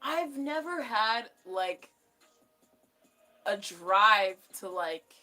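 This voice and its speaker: A woman's voice: mid-range voice, lively intonation, drawn-out words, bright, forceful tone, faint music behind. A young woman vlogging casually between book readings, rambling with lots of fillers and frequent laughter. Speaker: YouTuber reading a book aloud. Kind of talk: casual vlog chat.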